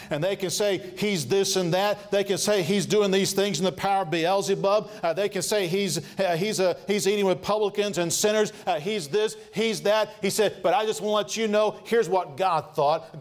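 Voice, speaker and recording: A male pastor preaching a sermon earnestly, often pausing with fillers and restarting phrases, slowing down to dwell on scripture quotes. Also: high-pitched, fairly even intonation.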